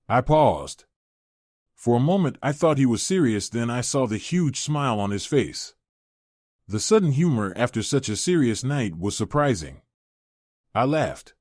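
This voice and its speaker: A man's voice: mid-range voice, darkish tone, no echo. Man narrating a story in a dry voice. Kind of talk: scripted first-person narration.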